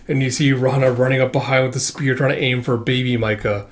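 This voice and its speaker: A man's voice: mid-range voice, little pitch movement, fast. A man casually retelling a comic book, rambling and peppering every sentence with "like". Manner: rambling, filler-heavy with lots of "like". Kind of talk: casual comic read-through.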